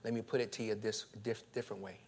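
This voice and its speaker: A male pastor preaching a sermon, swinging from calm teaching to loud, high, laughing bursts, repeating phrases as he builds. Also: fast talker, gravelly. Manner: repeats phrases and restarts when fired up.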